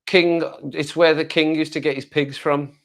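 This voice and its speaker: With a voice on the high side and flat delivery at a moderate pace, a Black Country livestreamer from the West Midlands, England, chats loosely and wanders as he responds to viewers' comments.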